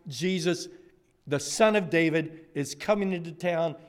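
A man preaching a sermon, retelling scripture with lively storytelling and speaking directly to children. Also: high voice. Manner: animated storytelling, addresses kids directly.

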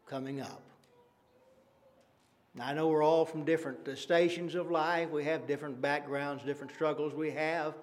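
A man with a fairly high voice preaches an evening sermon, earnest and conversational, posing rhetorical questions and using plenty of fillers.

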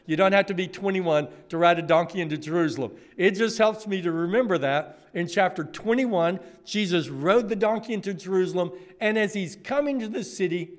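A man preaching a sermon, retelling scripture with lively storytelling and speaking directly to children. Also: high-pitched. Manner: animated storytelling, addresses kids directly.

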